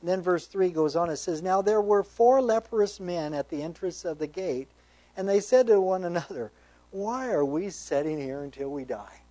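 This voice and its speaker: A man's voice: sits high, normal speed, warm tone, no echo, rough recording. A man, a pastor, teaching a sermon verse by verse, conversational and earnest, reading scripture aloud with emphasis.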